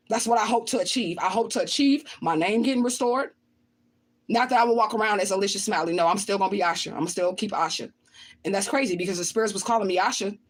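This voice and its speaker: A woman hosting her own channel, reading viewer comments and answering them in blunt, profane outbursts, often repeating her lines. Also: medium pitch. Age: adult with children. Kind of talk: livestream chat.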